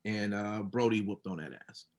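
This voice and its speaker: A man's voice: lowish voice, normal speed, a little mellow. Rambling man recapping wrestling shows. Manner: reads rules out then rambles with many fillers. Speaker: podcast co-host recapping wrestling. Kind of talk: casual podcast chat.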